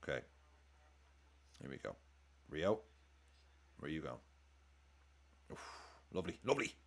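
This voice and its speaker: A man hosting a football watchalong, chatting excitably and swearing as he reacts live to the game and his chat. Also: very deep voice, unhurried. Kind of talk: live match commentary and chat.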